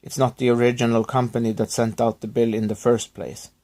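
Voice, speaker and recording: A man recovering from illness, talking to his viewers in a subdued, halting, apologetic way with many restarts. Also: mid-range voice, flat delivery, darkish tone. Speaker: YouTuber thanking subscribers. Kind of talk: rambling personal vlog.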